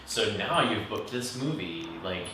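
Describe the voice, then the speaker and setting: A man interviewing a guest, speaking in a reflective, measured way. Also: on the low side, expressive. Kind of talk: conversational interview. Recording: echoey room heard from a distance, music behind.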